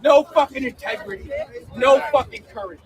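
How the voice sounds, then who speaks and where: A man at a street protest, shouting profane, taunting insults at officers. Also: very high voice, lively intonation, moderate pace, lo-fi sound. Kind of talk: shouted confrontation. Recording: loud crowd outdoors. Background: loud crowd.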